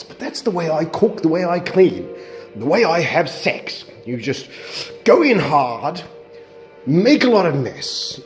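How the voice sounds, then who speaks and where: A slightly high-voiced man rambles through a comic cooking-show monologue in his home kitchen. He is bawdy and self-mocking and chuckles at his own jokes. Faint music plays underneath.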